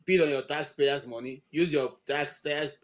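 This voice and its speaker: A man's voice: fairly high pitch, moderate pace. A man hosting an online panel discussion, speaking in an exasperated, emphatic way. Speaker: host.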